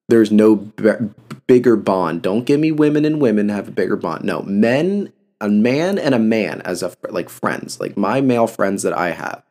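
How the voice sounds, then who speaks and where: Young male podcast host, low gravelly voice, blunt and profane, impassioned solo talk. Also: darkish tone. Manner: blunt, heavy cursing, impassioned.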